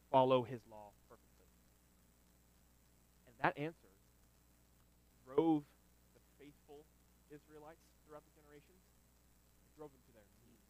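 A man's voice: on the high side, no room sound, poor audio. Emphatic preacher man, dry close sound. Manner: emphatic, swings between loud build-ups and quiet asides. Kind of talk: sermon.

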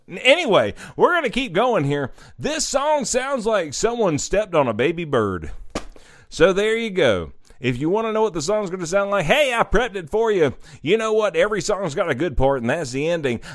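A man hosting a radio music show, mocking listener-sent songs with crude, sarcastic jokes and loud outbursts. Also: a little high, sing-song, normal speed, dry recording, clean studio sound. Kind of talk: comedic music review rant.

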